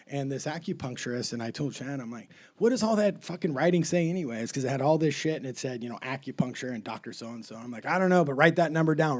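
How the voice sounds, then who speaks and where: A middle-aged man, a comedian, telling a profane story in a rowdy, swearing, laughing way. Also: a little high. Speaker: comedian guest.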